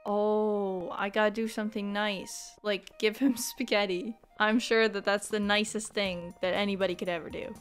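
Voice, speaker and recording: A young woman hosting a let's play, chatting bubbly and excitable, bursting into squeals. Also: mid-range voice, normal speed, few pauses, soft background music. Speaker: gaming channel host.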